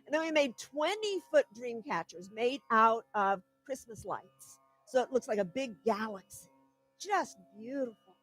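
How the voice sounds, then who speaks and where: A woman's voice: a little high, rough recording. A woman giving a spiritual talk, telling a personal story in an earnest, heartfelt way. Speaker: guest speaker.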